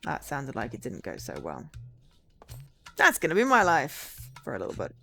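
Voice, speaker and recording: A woman's voice: a bass voice, moderate pace, vocal fry. Woman streamer rambling over a game, voice all over the place, faint music under it. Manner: chatty, animated, self-interrupting. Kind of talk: casual gameplay commentary.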